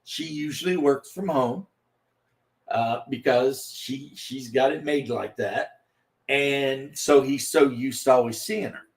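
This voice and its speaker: Slow, rambling man chatting on a livestream. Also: medium pitch. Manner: slow, rambling, with many fillers and restarts. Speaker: livestream host. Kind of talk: casual livestream chat.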